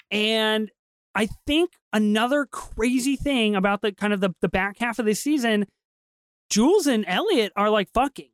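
A woman co-hosting a podcast in casual chat, talking quickly and eagerly with lots of restarts. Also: fairly high pitch, smooth, no echo. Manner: fast, animated, with repeated restarts. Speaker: podcast co-host.

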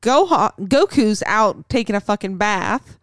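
Woman, mid pitch, dry close sound, quick reactive chatter that swears freely. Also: animated, dry recording. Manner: reactive, profane, laughs often. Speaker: podcast co-host. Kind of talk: casual chat.

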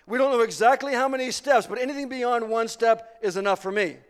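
High-voiced preacher in a reverberant hall. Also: male voice. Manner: earnest preaching, slowing for emphasis, rising to fervor. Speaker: pastor. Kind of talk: sermon.

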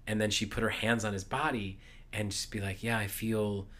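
A man in his thirties, co-hosting a casual podcast, telling stories with animated energy and frequent laughs. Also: on the low side, a little fast. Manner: storytelling, animated, laughs often. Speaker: podcast co-host. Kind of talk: casual chat.

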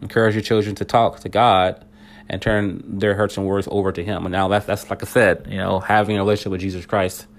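A man's voice: sits low, little pitch movement, fast talker. A man giving parenting advice in a rambling, conversational way, full of fillers and restarts, talking straight to his listeners. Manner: conversational, addresses listeners directly. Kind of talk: casual spoken talk.

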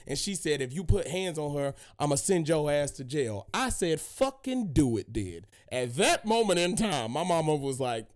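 Young man, podcast host, lively swooping voice, raised pitch, profane casual storytelling. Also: moderate pace, hardly any pauses.

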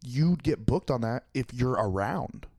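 A man's voice: mid-range voice, lively intonation, measured pace, a little mellow, no echo, studio quality. A young man, a stand-up comic, chatting casually on a podcast, rambling and swearing often. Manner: rambling, profane, laughs often. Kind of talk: casual chat.

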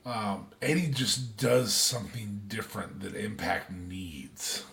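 A man with a lowish voice and a gravelly, fry-laden edge, talking on a casual podcast. He hedges and restarts often, filling gaps with ums while he works through his opinions. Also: slow, bright, forceful tone. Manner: hesitant, many ums and restarts. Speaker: podcast co-host.

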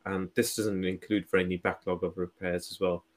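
A man's voice: deep voice, level tone, moderate pace. A young man co-hosting a casual motoring podcast, laughing often as he reads out report figures. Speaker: podcast co-host. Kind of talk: casual chat.

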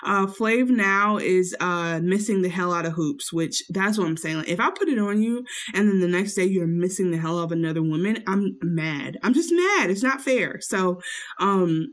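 A woman co-hosting a podcast, telling a story in casual chat and acting out quotes with sudden jumps in pitch. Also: normal speed. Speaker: podcast co-host recapping a reality show.

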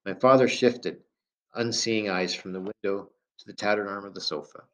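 Low-voiced man narrating a novel. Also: moderate pace, fairly bright tone. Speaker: audiobook narrator. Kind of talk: first-person novel narration. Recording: dull lo-fi recording.

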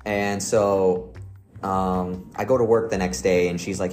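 A man's voice: deep voice, little pitch movement, unhurried, a little mellow, soft background music. A young man co-hosting a podcast, telling a story in a casual, jokey way and laughing often. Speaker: podcast co-host.

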